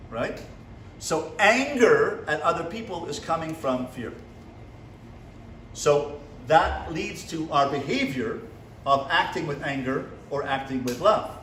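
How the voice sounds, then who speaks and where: In an echoey seminary classroom, recorded from a distance, a rabbi gives a motivational lecture, quizzing his class and acting out small dialogues. His voice is fairly high and fairly bright, with lively intonation and a moderate pace. There's slight background noise.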